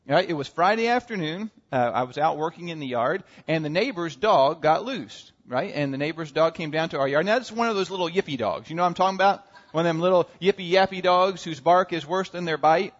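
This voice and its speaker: American pastor preaching in a reverberant hall. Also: male voice, high-pitched, fairly quick, few pauses. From United States. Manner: storytelling with humor, frequent asides to the audience. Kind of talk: sermon. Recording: dull, muffled sound with long hall reverb.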